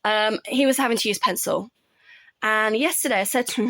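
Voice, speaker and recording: A woman's voice: a little high, brisk, no echo. Mum in her 30s chatting about her kids, acts out their voices, dry close sound. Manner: animated storytelling, acts out her kids' voices. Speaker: parent vlogger. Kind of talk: casual chat.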